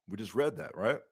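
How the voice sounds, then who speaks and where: A man's voice: mid-range voice, darkish tone, husky. Man, bible teacher, reading scripture aloud, rhetorical questions, repeats himself.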